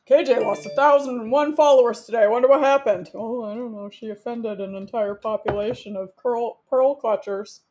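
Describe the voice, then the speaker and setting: Woman in her forties, giggly, jokey cooking chatter, fairly high voice. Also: brisk, few pauses, a little mellow, a little hiss or hum. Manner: giggly, joking, talks to herself. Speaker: cooking vlogger. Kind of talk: casual chat while cooking.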